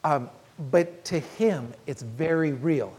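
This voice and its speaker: A woman preaching a sermon, telling a story in an earnest, measured way and slowing down on key phrases. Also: deep voice, a little mellow, husky.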